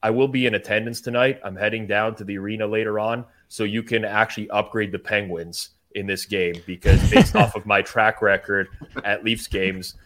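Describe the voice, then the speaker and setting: Low-voiced man giving stat-heavy betting talk. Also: a bit bright. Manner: measured, stat-heavy, with stammered starts. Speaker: sports betting host. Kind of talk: casual sports betting analysis.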